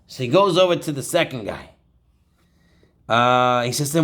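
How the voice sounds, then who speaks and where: A man's voice: mid-range voice, normal speed, long pauses. A man teaching an informal Torah class, telling stories and acting out the quotes. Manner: animated storyteller, acts out quotes. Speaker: rabbi.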